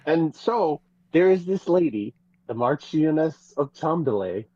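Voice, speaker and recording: A podcast co-host in casual gossip chat, telling stories in an animated, profane way. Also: mid-range voice, measured pace, no room sound, muffled recording. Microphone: podcast microphone.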